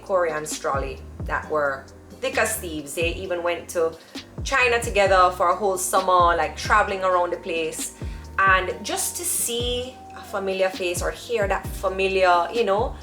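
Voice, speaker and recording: Woman, casual vlog storytelling, chatty, animated, echoey room. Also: mid-range voice. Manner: chatty and animated, acts out the people in her story. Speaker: vlogger.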